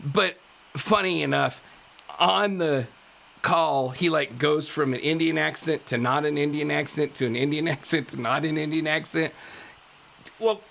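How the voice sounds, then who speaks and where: A male podcast host telling a true-crime story in a casual way, animated, laughing often and tripping over his words. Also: fairly high pitch, a little slow, gravelly. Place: live podcast studio.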